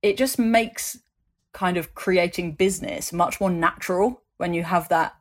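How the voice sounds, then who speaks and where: A woman, a guest in a conversational interview, telling animated stories and leaning on fillers like "um" and "like". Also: fairly low pitch, a little slow. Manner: animated storytelling, acts out voices in anecdotes, many fillers.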